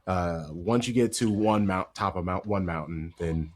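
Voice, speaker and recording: A man's voice: low-pitched, unhurried, a little mellow. A man hosting a football podcast in casual chat, talkative and laughing easily. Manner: chatty, laughs easily, lots of fillers. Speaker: podcast host.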